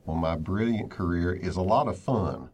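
A man's voice: deep voice, normal speed, a little mellow, husky. A man co-hosting a podcast, recommending a movie in an upbeat, casual way. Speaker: podcast co-host.

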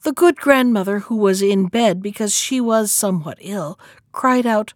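A woman narrating a fairy tale in scripted storybook narration, expressive and measured. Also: mid-range voice, no room sound, clean studio sound. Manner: expressive, measured reading aloud.

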